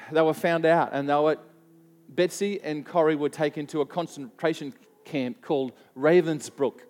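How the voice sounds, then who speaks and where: A man with a high-pitched voice preaches to a church congregation. He tells his story earnestly, often restarting a phrase before pressing on. Soft music plays underneath. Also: long reverb tail. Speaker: pastor. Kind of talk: sermon storytelling.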